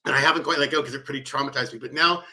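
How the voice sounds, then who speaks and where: A man's voice: mid-range voice, fairly even intonation, racing, pushed and bright. A man co-hosting a casual talk show, telling stories animatedly with lots of laughter. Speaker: co-host. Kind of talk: casual chat.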